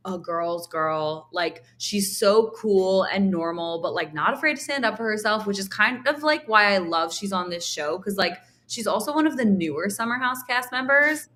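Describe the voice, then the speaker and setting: A woman's voice: mid-range voice, moderate pace, few pauses. A young woman guesting on a podcast, chatting casually and peppering her talk with "like" as she acts out what others said. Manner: heavy use of "like", animated quoting of others. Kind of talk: casual chat.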